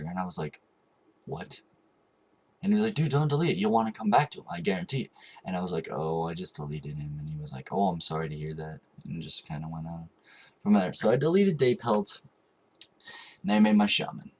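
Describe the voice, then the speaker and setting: Young man with a low, husky voice. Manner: rambling, with frequent ums and restarts. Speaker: vlogger. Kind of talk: casual storytelling vlog.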